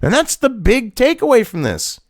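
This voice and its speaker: A man's voice: very high voice, huge pitch swings, normal speed, no room sound, clean studio sound. A man, hosting a profane rant reacting to a news article, angry and mocking and swearing constantly. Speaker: political commentary host.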